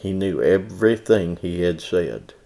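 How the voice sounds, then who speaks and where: A man preaching a sermon in a church, who often rises sharply in pitch and loudness. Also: animated, a little slow, gravelly. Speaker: pastor.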